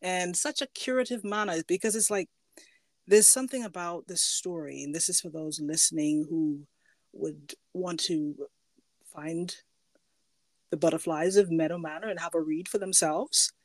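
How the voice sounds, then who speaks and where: A woman's voice: lowish voice, steady tone, moderate pace, no echo. A woman hosting a podcast in casual interview chat, chatty and laughing often, restarting her sentences as she goes. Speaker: podcast host.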